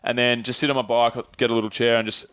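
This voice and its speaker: A man's voice: mid-range voice, level tone, fast talker, background noise. A young Australian man casually telling travel stories, rambling and swearing with lots of filler words. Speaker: podcast co-host. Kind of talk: casual chat, travel storytelling.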